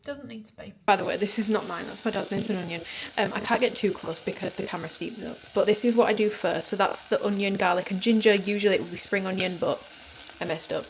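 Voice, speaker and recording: A woman's voice: medium pitch, fairly even intonation, fast, slight background noise. A young woman, chatting casually through a vlog while she cooks in her home kitchen. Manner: chatty, rambling, self-deprecating. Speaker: vlogger. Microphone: camera on a tripod.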